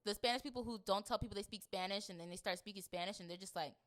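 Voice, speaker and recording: A young woman from a Jamaican family, co-hosting a podcast in casual, laughing chat and mimicking people in high voices. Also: rapid-fire, fairly bright tone. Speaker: podcast co-host.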